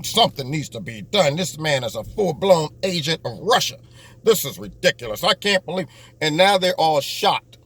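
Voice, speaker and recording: A man's voice: on the high side, a bit bright, breathy edge. A man hosting his own political talk show, delivering a sarcastic commentary monologue and slipping into mocking voices. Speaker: host.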